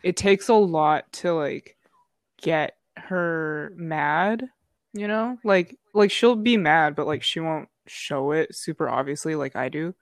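A woman's voice: low voice, animated, takes it slowly, no room sound, studio quality. A young woman chatting casually in an easygoing, teasing way. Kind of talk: casual chat.

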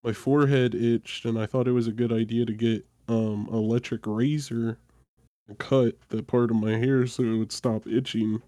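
A man hosting a podcast, telling a funny story from his childhood in a casual, animated, self-deprecating way. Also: medium pitch, moderate pace, dry recording. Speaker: podcast host.

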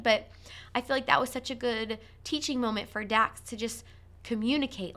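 A woman's voice: a little high, sharp tone. A woman in her thirties hosting a parenting podcast, chatting casually and acting out her kids' voices. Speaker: podcast host.

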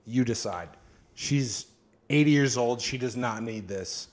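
A man's voice: medium pitch, measured pace. A young man co-hosting a casual podcast chat, loose and profane, full of fillers. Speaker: podcast co-host.

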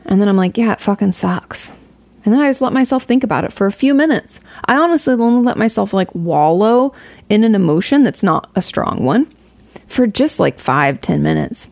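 A woman's voice: mid-range voice, animated, a little fast, gravelly, darkish tone, dry recording. A young woman giving casual advice to her viewers, candid and rambling, swearing freely. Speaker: streamer answering a viewer question.

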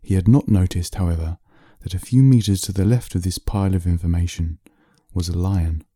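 A man reading a bedtime story aloud in a slow, soothing narration. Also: sits low, fairly even intonation, dark tone, no room sound, clean studio sound.

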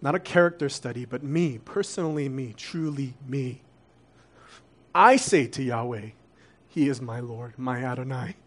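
A young adult man preaching a sermon, earnest and confessional, dropping soft and then rising to emphatic peaks. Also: mid-range voice, a little slow.

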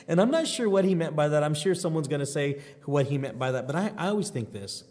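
A man giving a devotional sermon, telling a lively personal story in a folksy, earnest way. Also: fairly high pitch, fast talker. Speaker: pastor. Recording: long hall reverb.

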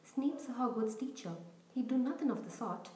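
A woman reading aloud, voicing a gruff, blustering giant male groundskeeper in an audiobook. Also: a little high, expressive, normal speed, mellow, roomy sound, a little hiss or hum, close to an everyday voice, rough recording.

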